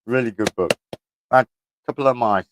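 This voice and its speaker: A man's voice: medium pitch, brisk, background noise. A middle-aged man chatting casually at home, rambling, chuckling and swearing freely as he talks to camera. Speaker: vlogger. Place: room at home, indoors.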